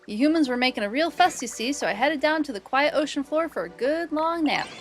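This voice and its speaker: A woman's voice: on the high side, normal speed, a bit bright, faint music behind, lightly acted. A woman voicing a huge drowsy sea creature from a video game, speaking in a jovial, drawling manner with a hearty laugh.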